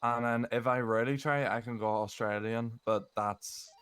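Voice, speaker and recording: A man's voice: mid-range voice, fairly even intonation, moderate pace, a bit bright, clean tone, dry recording. This is a hesitant man in a role-play game with a mid-range voice. He stumbles and restarts, filling the gaps with ums, as an unsure cadet would.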